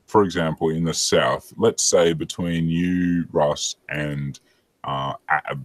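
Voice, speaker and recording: A man's voice: extremely low pitch, fairly even intonation, slow pace, dry recording. A man, chatting casually and crudely, joking and asking rambling questions. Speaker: podcast co-host. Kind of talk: casual chat.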